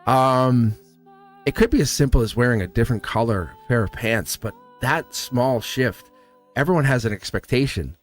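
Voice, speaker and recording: A middle-aged man hosting a live tarot reading, rambling and upbeat, his voice hoarse and cracking. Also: mid-range voice, moderate pace, faint music behind. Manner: rambling, upbeat, repeats himself. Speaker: tarot reader and host.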